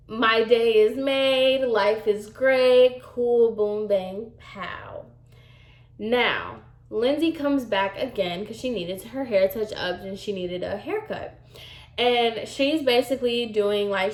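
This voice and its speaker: A woman's voice: a little high, slow, reverberant. A woman hairstylist telling a client story in a chatty, sassy way, full of fillers. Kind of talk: storytime vlog.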